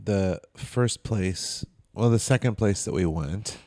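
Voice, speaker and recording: A man's voice: on the low side, slow, mellow, no echo. A man co-hosting a podcast in casual chat, dry and teasing. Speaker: podcast co-host.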